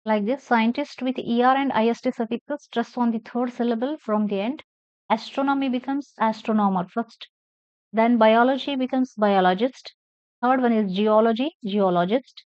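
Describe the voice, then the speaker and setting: A woman with a fairly high voice teaches English, spelling each word out letter by letter and leaning hard on the stressed syllable. Her delivery is slow and deliberate. The recording sounds dry and a little dull. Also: darkish tone, clear, resonant tone, no echo. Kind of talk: classroom lesson, spelling words out and reading aloud.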